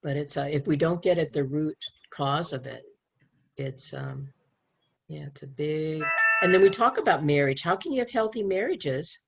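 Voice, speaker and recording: A middle-aged woman talking earnestly in a casual conversation, animated and restarting often as she tells stories from her work as a sex educator. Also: low-pitched, moderate pace, background noise.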